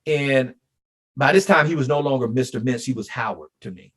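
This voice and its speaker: A middle-aged man, an interview guest, telling a personal story in an animated, emotional way and acting out quoted dialogue. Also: mid-range voice, a little fast. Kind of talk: conversational storytelling.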